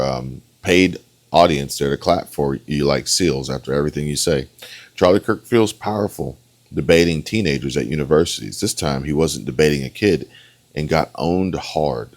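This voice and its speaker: A man with an extremely low, deep voice talks through a debate clip in an opinionated, meandering way. He keeps tossing in "okay?" to drive each point home. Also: normal speed. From United States. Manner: opinionated, rambling, punctuates with "okay?". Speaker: online political commentator. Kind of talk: reaction commentary on a debate clip.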